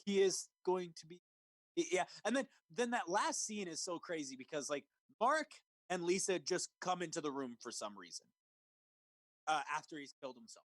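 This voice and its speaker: A man co-hosting a movie review podcast in casual chat over a remote call, animated and swearing freely. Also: on the high side, moderate pace, no echo. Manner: animated, swearing, laughs, mimics lines. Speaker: podcast co-host. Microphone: remote call recording.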